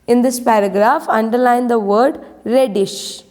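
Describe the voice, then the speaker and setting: A woman teacher giving an online lesson, asking her class questions. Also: fairly high pitch. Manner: asks the class many questions, slow and clear. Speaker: primary school English teacher. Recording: echoey room with long reverb.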